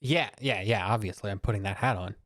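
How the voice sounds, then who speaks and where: A man playing a tabletop game, talking in a relaxed, chatty way. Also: fairly low pitch, fast talker, no echo, clean studio sound. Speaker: player. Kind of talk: casual tabletop game chat.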